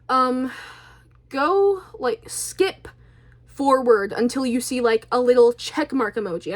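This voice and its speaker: A woman vlogger talking in a chatty, rambling way, with a stutter and many restarts. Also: a little high. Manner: chatty, rambling, self-deprecating. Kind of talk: casual rambling monologue.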